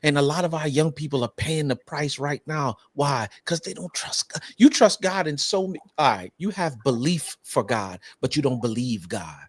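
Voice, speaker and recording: A man's voice: fairly high pitch, lively intonation, moderate pace, few pauses. A man, host of a live panel talk, speaking emphatically about trusting God in relationships. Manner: emphatic, preacher-like delivery. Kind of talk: casual panel discussion on faith and relationships.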